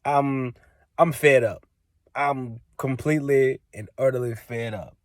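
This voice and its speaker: A man's voice: mid-range voice, measured pace, dry recording. A young man telling a story in a casual, exasperated way, repeating himself for emphasis. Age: young adult. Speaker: vlogger.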